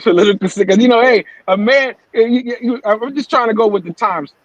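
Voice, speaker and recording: A man with a high voice hosts a casual live-stream morning show. He rants heatedly and swears freely. The sound is dry and a bit dull, with the highs rolled off. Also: brisk, no room sound. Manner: profane, heated ranting. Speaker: host.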